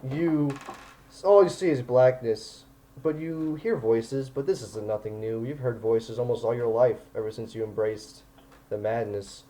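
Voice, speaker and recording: A man's voice: medium pitch, measured pace, warm tone, rough recording. A man running a tabletop game as game master, narrating scenes in an easygoing, chatty way.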